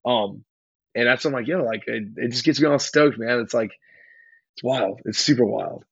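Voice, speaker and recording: Rambling, gravelly young man, lo-fi. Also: medium pitch, moderate pace, no room sound. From California. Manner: rambling, slangy, excitable storytelling. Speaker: hardcore band vocalist, podcast guest. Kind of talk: casual interview chat.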